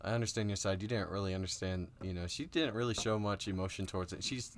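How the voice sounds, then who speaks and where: A man's voice: low-pitched, quick pace. A man co-hosting a podcast in casual chat, teasing his partner and laughing often. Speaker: podcast co-host.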